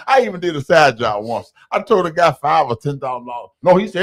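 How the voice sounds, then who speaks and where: A man's voice: on the high side, sing-song, fast talker, few pauses. A man in his fifties telling his recovery story like a preacher, acting out quotes with folksy slang and laughs. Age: 50s. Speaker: guest sharing recovery story.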